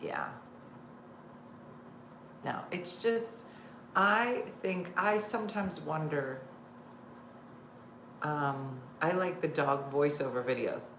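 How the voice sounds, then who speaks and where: A woman's voice: deep voice, takes it slowly, long pauses, a bit bright, echoey room, a little hiss or hum. A middle-aged woman hosting a casual live stream, chatty and laughing, reading viewer comments aloud. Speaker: host.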